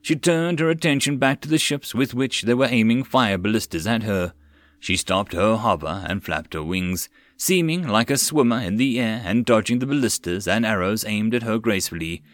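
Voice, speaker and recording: A man narrating a web novel audiobook, expressive and swinging with the action. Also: on the low side, normal speed, no room sound. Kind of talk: reading a web novel aloud.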